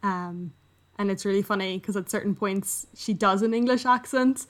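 A woman's voice: mid-range voice, moderate pace. A woman co-hosting a podcast, casually retelling a book's plot and acting out the characters' lines. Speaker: podcast co-host. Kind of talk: casual book discussion.

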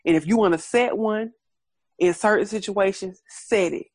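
A woman talks in a frank, animated way, cursing freely and breaking into laughter. Her voice sits at a mid pitch and is recorded close and dry, with no room sound. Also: normal speed, slightly rough, no room sound. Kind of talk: casual chat.

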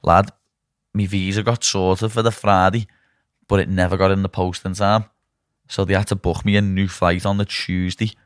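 A man and fighter telling stories in a casual podcast chat, animated and swearing often. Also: sits low, moderate pace, no echo, studio quality. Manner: animated storytelling, swears often, says "lad" constantly.

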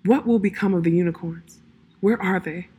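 A woman's voice: lowish voice, moderate pace, mellow, husky. Woman reading as a desperate pleading young woman. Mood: urgent, pleading. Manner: urgent, pleading.

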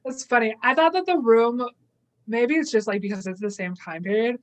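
A woman's voice: on the high side, normal speed. A young woman co-hosting a casual podcast, retelling a plot with many fillers. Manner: casual, filler-heavy, acts out quoted lines. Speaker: podcast co-host.

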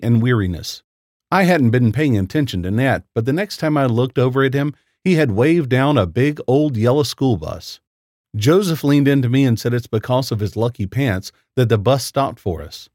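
A man narrating a first-person horror story in a lively, expressive storytelling voice. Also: medium pitch, no echo, studio quality. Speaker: story reader.

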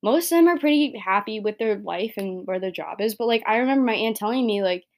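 A woman's voice: mid-range voice, expressive, fast, darkish tone. A young woman in her late teens hosting a solo podcast, talking in a casual, rambling way, often breaking off mid-sentence and growing emotional. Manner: rambling, self-interrupting, emotional. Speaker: podcast host.

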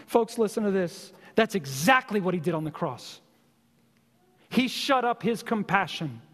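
A man preaching a sermon as pastor, with impassioned, repetitive exhortation and slow emphatic stresses. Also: high voice, a bit bright, in a large hall.

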